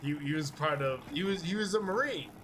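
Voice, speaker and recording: A man with a fairly high, expressive, slightly bright voice talks a little fast, with a bit of hiss or hum in the audio. Hosting a casual podcast chat, he rambles, swears, laughs often, and acts out quotes.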